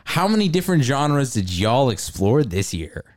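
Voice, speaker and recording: A man's voice: medium pitch, sing-song, moderate pace. Joking young podcast host, man. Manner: joking, teasing, loose. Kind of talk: casual chat.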